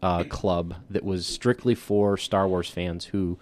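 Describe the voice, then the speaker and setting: Man, very low voice, podcast co-host, relaxed filler-heavy chat. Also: takes it slowly. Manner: easygoing, lots of "like" and "you know". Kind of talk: casual chat.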